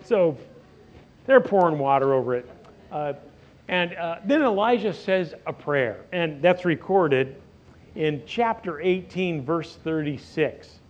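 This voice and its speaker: Middle-aged man, folksy sermon storytelling, lively pitch swings, dull lo-fi sound. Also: takes it slowly. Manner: folksy, animated retelling with asides. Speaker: preacher. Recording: dull lo-fi recording.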